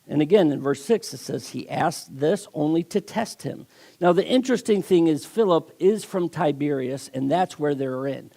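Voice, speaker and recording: A man's voice: on the high side, expressive, moderate pace, gravelly, mellow. A man preaching a sermon as a guest speaker, telling stories with acted voices and emphatic delivery.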